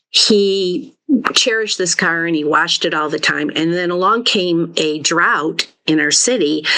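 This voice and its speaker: A woman with a lowish voice tells stories from her childhood as a podcast guest. She talks reflectively and lifts her voice when she quotes her father. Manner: warm, reflective storytelling, quoting her father in lively bursts. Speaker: author guest. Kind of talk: storytelling in a podcast interview.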